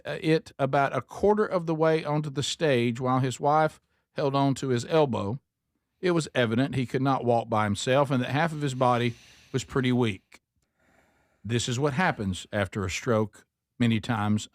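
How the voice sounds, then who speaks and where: A man's voice: medium pitch, dry recording. Man hosting a talk show, dry studio sound. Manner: reads with wry asides to co-hosts. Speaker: radio talk show host. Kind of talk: reading a listener email aloud on a talk show.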